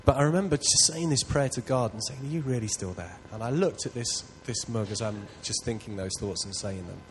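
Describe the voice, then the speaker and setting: A man's voice: mid-range voice, a little fast, slight background noise, rough recording. A man preaching a sermon, telling a personal story in an earnest, self-deprecating way. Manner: earnest, self-deprecating, builds to loud excitement.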